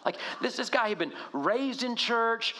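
A middle-aged male pastor preaching in a conversational, animated way, often asking rhetorical questions. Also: very high voice, measured pace, a little hiss or hum. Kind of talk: sermon.

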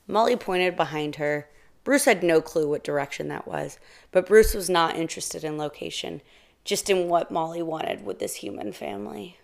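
Female storyteller, lower register, calm steady read of a children's tale. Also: moderate pace, creaky.

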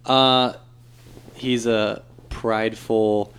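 A man of twenty-three, a guest on a podcast, talking in joking, animated banter. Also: fairly low pitch, smooth. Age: 20s. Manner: joking, animated, quick to laugh.

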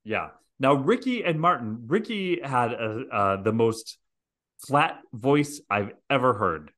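A man's voice: medium pitch, expressive, slow pace, fairly bright tone. A man co-hosting a podcast, chatting casually and joking with emphatic repetition. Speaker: podcast co-host. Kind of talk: casual chat.

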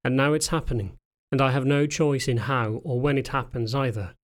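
A man reading the lines of a frightened young pregnant anthro woman in an audiobook, speaking softly and hesitantly. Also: medium pitch, fairly even intonation, normal speed, natural voice. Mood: fearful, subdued. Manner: soft, trembling, hesitant.

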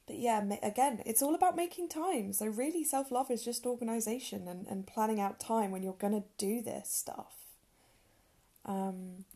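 A young woman talks through a solo podcast in a chatty, earnest way. Her voice is gravelly and mellow, a little husky, and she drops in ums and small self-deprecating laughs. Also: medium pitch. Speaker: podcast host. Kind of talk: casual solo podcast talk.

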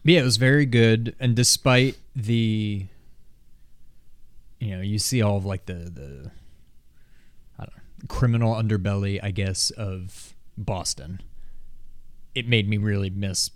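A man's voice: fairly low pitch, measured pace, long pauses, no room sound. A man co-hosting a podcast, chatting casually about movies in a hesitant, easygoing way with many fillers. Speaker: podcast co-host.

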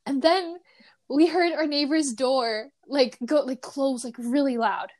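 Animated young woman telling a story. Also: sits high, unhurried. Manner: animated, many fillers, laughs while telling. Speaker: podcast host. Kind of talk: casual storytelling chat.

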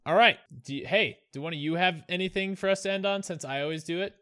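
A man's voice: high voice, fast talker, a bit bright. A man co-hosting a podcast, bantering casually and swearing freely in joking chat. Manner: profane, jokey banter. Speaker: podcast co-host.

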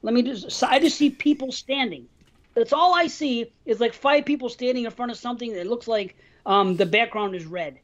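A man's voice: very high voice, moderate pace, fairly bright tone. A man co-hosting a podcast, rambling in casual, heavily profane chat. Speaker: podcast co-host.

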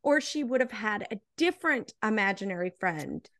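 A woman's voice: medium pitch, very animated, normal speed, a bit bright, dry recording, studio quality. A woman co-hosting a casual movie review chat while drinking. She is inquisitive and keeps posing theories and questions about the story. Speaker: podcast co-host.

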